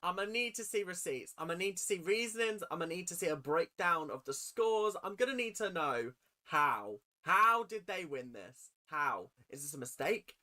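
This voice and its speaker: A young woman with a British accent hosts a live stream, her low voice swooping up and down as she reacts with dramatic flair. She chats casually with viewers between segments. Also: expressive, moderate pace, sharp tone. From United Kingdom. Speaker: streamer hosting a live awards show.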